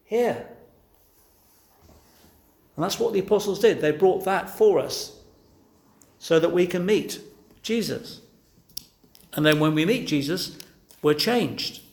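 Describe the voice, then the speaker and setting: A man delivers an earnest, pleading sermon, pressing his hearers again and again with direct questions. His voice sits a little higher than most men's. It rings out in a roomy, echoing space. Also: lively intonation, slow, creaky, pauses often, a little mellow. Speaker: preacher. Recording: echoey room.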